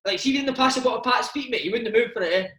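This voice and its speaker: High-voiced Scottish man swearing through anecdotes. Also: very fast, a bit bright. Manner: swears freely, calls listener mate. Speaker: former footballer, interview guest. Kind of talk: casual anecdotal chat. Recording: roomy echo.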